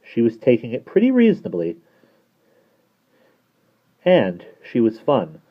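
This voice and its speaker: A man reading a children's novel aloud in a steady, plain storytelling manner. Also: mid-range voice, unhurried. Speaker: reader. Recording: tinny phone-like sound.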